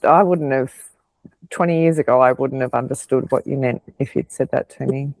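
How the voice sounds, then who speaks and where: Low-pitched woman hosting a podcast, thoughtful and grateful, pauses a lot, dry close sound. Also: a little mellow, no echo. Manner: appreciative, thoughtful, pauses mid-sentence. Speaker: podcast host. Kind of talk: reflective interview conversation.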